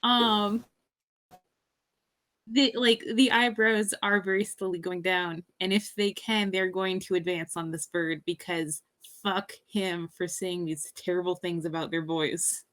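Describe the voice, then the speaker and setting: A woman playing in a tabletop game, describing her character's actions with halting, repeated words. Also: lowish voice, fairly even intonation, a bit bright, poor audio. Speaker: player. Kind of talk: tabletop play chat.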